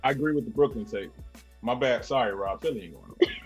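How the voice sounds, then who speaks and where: A man's voice: mid-range voice, fast talker, faint music behind. Laid-back man in sports chat. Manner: laid-back, full of fillers like "you know". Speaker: podcast co-host.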